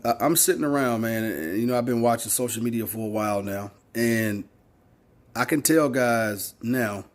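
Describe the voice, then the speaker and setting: A man in his forties giving a blunt, preachy opinion monologue, repeating his points for emphasis and swearing freely. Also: lowish voice. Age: 40s. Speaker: social media commentator.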